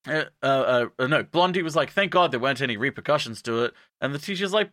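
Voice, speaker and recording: A bright-toned man on a podcast, talking close to a dry mic as he tells an anime plot. He slips in and out of silly character voices, jumping high for the quotes. His delivery is casual and comedic. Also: animated, moderate pace, dry recording. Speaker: podcast co-host recapping anime.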